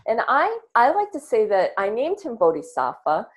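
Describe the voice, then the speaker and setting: A woman's voice: fairly high pitch, huge pitch swings, moderate pace. A woman guest on a podcast, talking in an earnest, reflective way and swearing casually, over earbuds on a video call. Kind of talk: casual interview talk.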